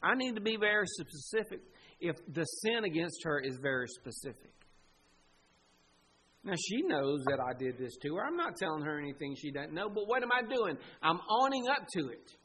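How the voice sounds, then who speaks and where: A man's voice: on the high side, big pitch swings, moderate pace, a bit bright, husky, low-quality recording. A man preaching a sermon as pastor, earnest and emphatic, pleading with his listeners.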